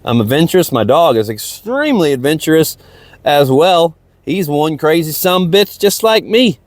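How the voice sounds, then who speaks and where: This male podcast host has a somewhat high voice with big pitch swings, talking at normal speed in a dry recording. His casual, motivational monologue near a lake rambles stream-of-consciousness style, often repeating itself.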